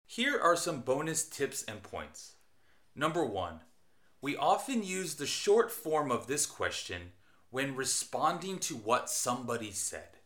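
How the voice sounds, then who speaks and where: Slow, lively-voiced male English teacher. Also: mid-range voice. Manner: slow, careful reading of example sentences. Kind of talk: scripted English lesson narration.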